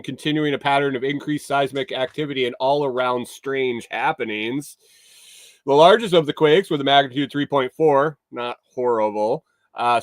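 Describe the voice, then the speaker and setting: A man's voice: a little high, dry recording. A man hosting a morning livestream, reading news stories aloud and breaking off into sarcastic, rambling asides with some swearing. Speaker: livestream morning show host. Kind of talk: casual news commentary.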